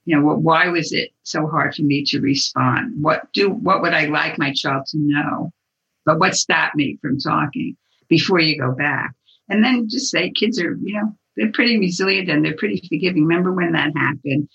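An older woman with a gravelly, breathy voice talks through ideas carefully and at length, in a measured, explanatory way. Her tone is bright and edged, and the recording sounds dull and lo-fi. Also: low-pitched. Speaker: guest, author and activist. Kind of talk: interview answers.

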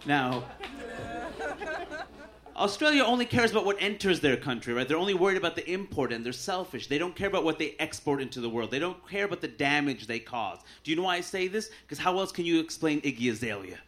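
A man doing a stand-up set on a club stage with a handheld mic, dry and deadpan, putting on quick voices for his bits. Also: on the high side. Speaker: stand-up comedian. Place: comedy club stage with audience laughter. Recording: live club recording with clear audience noise.

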